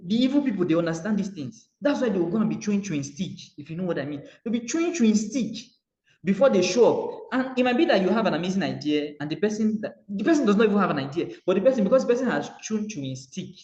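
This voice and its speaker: A Nigerian man giving a motivational coaching talk, animated and repetitive, acting out little dialogues as he speaks. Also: sits high, quick pace. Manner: animated, acts out dialogue, repeats phrases. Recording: roomy muffled recording.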